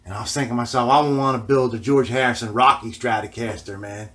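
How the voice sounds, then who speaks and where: A man's voice: medium pitch, steady tone, quick pace, fairly bright tone. Rambling profane man saying "man" constantly. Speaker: vlogger. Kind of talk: casual rambling vlog talk.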